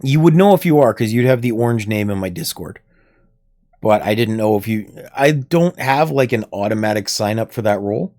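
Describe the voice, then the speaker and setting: A man's voice: fairly low pitch, animated, normal speed, darkish tone. A man casually chatting and rambling as he streams a video game from a room at home, laughing often. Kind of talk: casual livestream chat. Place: home room near plumbing. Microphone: desk microphone.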